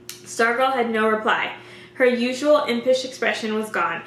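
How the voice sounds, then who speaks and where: A woman reading a novel aloud in a steady, clear storytelling manner. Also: on the high side, normal speed. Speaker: reader. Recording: echoey room with faint hum.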